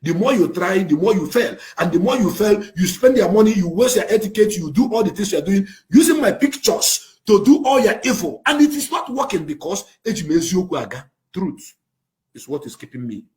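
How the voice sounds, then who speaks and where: A man with a Nigerian accent delivers a fiery, impassioned rant to the camera, swinging between shouting and low, intense passages. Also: sing-song, brisk. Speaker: activist speaking to camera.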